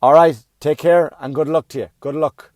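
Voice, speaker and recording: Loud ranting comedian man. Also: fairly high pitch, steady tone, moderate pace, no room sound, studio quality. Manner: loud, yelling, profane. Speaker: comedian podcast host. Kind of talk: comic rant monologue.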